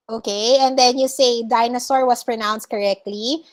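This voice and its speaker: A woman's voice: sits high, moderate pace. A Filipino woman teaching an online class, correcting her students' pronunciation word by word and repeating each correct form. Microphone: video call.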